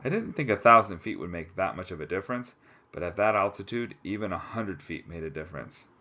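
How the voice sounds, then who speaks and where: A man reads a story aloud and drops in relaxed, chatty asides of his own. His voice sits low. The recording is slightly muffled and lo-fi. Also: fairly quick. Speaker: audiobook reader. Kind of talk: book reading with casual asides.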